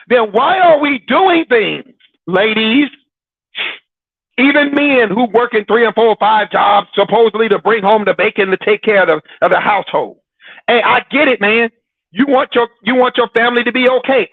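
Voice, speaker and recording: A man's voice: very high-pitched, dry recording. Male Christian show host, teasing preacher delivery; dry, tinny phone-quality recording. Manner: teasing and preachy, laughing often, with dramatic repetition. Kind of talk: sermon-like casual talk.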